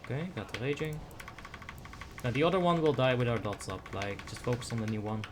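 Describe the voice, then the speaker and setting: A man's voice: mid-range voice, a little fast, background noise. A young man giving casual commentary while playing a game, chatty and self-deprecating, muttering asides to himself. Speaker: streamer.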